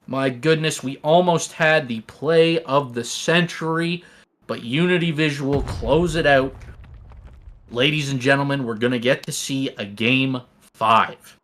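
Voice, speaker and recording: A man calling an esports match at breakneck pace, his voice leaping up whenever a big play lands. Gunfire and game clicks rattle clearly behind him, so the commentary sits right on top of the live match audio. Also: medium pitch, a little hiss or hum. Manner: rapid excitable calls, rising to shouts at big plays. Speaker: esports caster.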